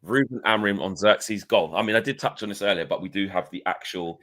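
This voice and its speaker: A man's voice: low voice, fast talker, fairly bright tone. Rambling man on a fan podcast. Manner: rambling, full of "you know" asides. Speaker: football podcast co-host. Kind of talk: casual football chat.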